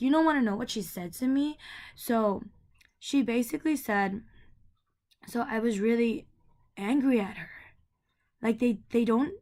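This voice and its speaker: A woman's voice: fairly high pitch, darkish tone. Young woman in a heated personal rant. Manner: heated, rambling, frequent fillers and repeats. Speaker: vlogger. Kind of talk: emotional personal rant to camera.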